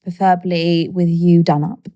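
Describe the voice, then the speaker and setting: A woman's voice: on the low side, moderate pace, dry recording, studio quality. A woman in her thirties, a guest in an interview, telling her story candidly and acting out the people she quotes. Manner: animated, quirky, acts out quoted people.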